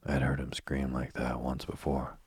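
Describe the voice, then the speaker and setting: Very deep husky-voiced man reading a ghost story. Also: completely flat delivery, moderate pace, no room sound. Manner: hushed, often whispered delivery. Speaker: narrator.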